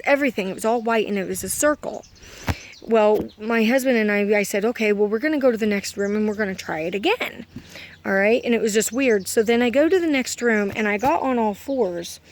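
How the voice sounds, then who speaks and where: Woman, fairly high voice, rambling dream story, lots of ums. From Kentucky. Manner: rambling, self-correcting, full of "um" and "like". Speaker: vlogger.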